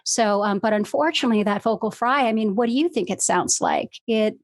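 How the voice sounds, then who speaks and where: A woman's voice: mid-range voice, brisk, no room sound. Woman guest, voice coach; easygoing explainer, fillers everywhere, video-call audio, dry. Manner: explains fluidly with many fillers like "you know" and "right". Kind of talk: casual podcast conversation.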